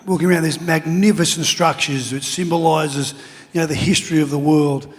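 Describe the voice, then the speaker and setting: A man's voice: a little high, steady tone, fairly quick, long reverb tail. A middle-aged Australian man telling funny stories as a guest speaker at an awards night. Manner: jokey anecdotes with acted-out shouts. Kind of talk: after-dinner storytelling.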